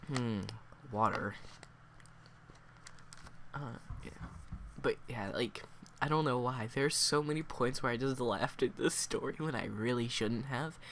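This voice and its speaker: A man's voice: mid-range voice, measured pace, pauses often, noisy background. A man giving a casual story review, rambling with fillers, his voice wavering as he holds back laughter. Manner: keeps breaking into laughter, voice wavering. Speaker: book reviewer.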